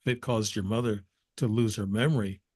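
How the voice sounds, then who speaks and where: A man's voice: lowish voice, steady tone, normal speed, darkish tone, no echo, studio quality. A man hosting an interview, asking long, rambling questions with many restarts. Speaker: podcast host.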